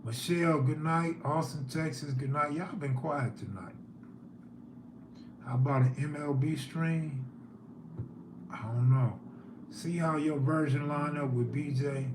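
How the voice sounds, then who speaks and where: A man's voice: a little high, unhurried, pauses often, echoey room, background noise. A man hosting a live stream, telling neighborhood stories in a laid-back way and reading chat aloud.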